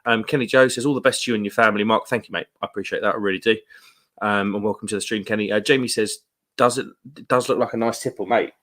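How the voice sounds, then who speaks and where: A man with a British accent hosting a casual live stream, chatty and rambling, with quick laughs and slangy asides. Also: fairly low pitch, fairly even intonation, a bit bright. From United Kingdom. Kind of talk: casual live stream chat, reading viewer comments. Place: room at home.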